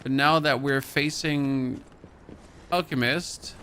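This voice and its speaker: A man's voice: mid-range voice, fairly even intonation, slow pace, very noisy. A young man from Germany with a light German accent, casually commenting while playing a game and reading item notes aloud. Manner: chatty, reads in-game notes aloud, jumpy outbursts. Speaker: streamer. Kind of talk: gaming livestream commentary.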